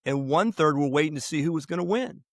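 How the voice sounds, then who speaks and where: A man's voice: a little high, expressive, fast, no room sound, studio quality. A man speaking as a podcast guest, telling history stories and giving emphatic opinions in a conversational interview. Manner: emphatic, opinionated, digressive with restarts.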